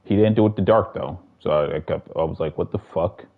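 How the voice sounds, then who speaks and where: A man with a very low voice rambles through casual gaming livestream commentary, swearing freely and restarting his sentences. The sound is dull and lo-fi, like compressed stream audio. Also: fast, creaky. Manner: rambling, profane, restarts often.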